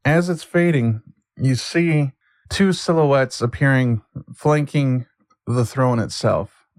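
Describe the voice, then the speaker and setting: A man narrating a tabletop role-playing game as game master, describing scenes slowly with fillers and calling for rolls. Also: mid-range voice, no room sound. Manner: slow, deliberate scene narration with hesitant fillers.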